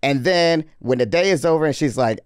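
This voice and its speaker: A man's voice: fairly high pitch, a little fast, clean tone, dry recording, studio quality. A man guesting on a podcast, talking in a laid-back, self-aware comedic way and laughing at himself. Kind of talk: casual comedic chat.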